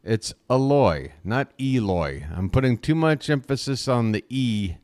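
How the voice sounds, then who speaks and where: Male fan play-by-play streamer, mid-pitched, chatty, self-deprecating, close dry mic. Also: animated, moderate pace, darkish tone, clean tone, no room sound. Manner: chatty, self-deprecating, addresses chat directly. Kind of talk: live fan play-by-play commentary. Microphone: close desk microphone.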